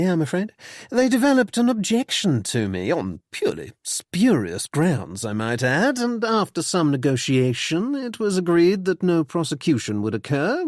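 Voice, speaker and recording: A man's voice: on the high side, darkish tone, no room sound, studio quality, voice pushed up. A man reading an audiobook and voicing a glib young upper-class Englishman with an airy, chatty, self-mocking manner.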